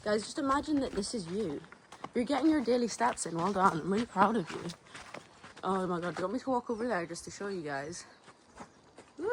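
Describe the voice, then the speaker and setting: A woman's voice: lowish voice, brisk, a little hiss or hum. Chatty woman vlogging outdoors. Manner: chatty, rambling, excitable, slangy. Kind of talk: casual vlog narration while exploring. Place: outdoors at a ruined castle, rainy.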